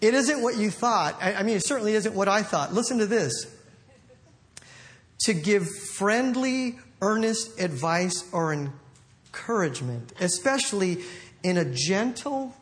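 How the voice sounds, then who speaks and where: A man preaching a sermon in an animated, playful way, acting out little quotes as he goes. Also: high voice, a little slow. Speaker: pastor.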